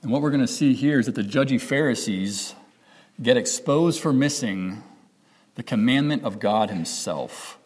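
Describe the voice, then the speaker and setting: A man's voice: mid-range voice, expressive, moderate pace, darkish tone, husky, long reverb tail. A man preaching a sermon as pastor, talking in a conversational way, correcting himself and acting out the voices in people's heads. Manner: conversational, self-correcting, acts out quoted inner voices.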